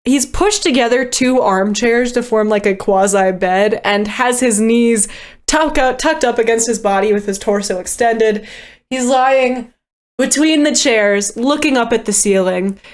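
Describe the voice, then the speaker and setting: A woman game master narrates the scene in a slightly high voice. She is easygoing and descriptive, with small chuckles between details. The tone is casual tabletop play among friends. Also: smooth.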